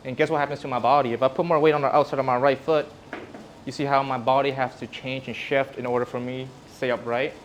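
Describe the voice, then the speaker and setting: A man's voice: mid-range voice, little pitch movement, fast talker, slight background noise. A man, a physical therapist, presenting casually to a live audience in a room and acting out examples as he explains. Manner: casual, conversational, acts out examples.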